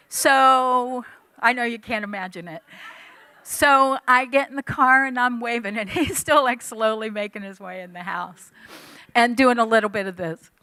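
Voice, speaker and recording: Bright, gravelly woman preaching. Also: fairly high pitch, moderate pace. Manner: animated storytelling, acting out her own past lines. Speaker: church speaker. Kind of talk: sermon with personal story. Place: church hall.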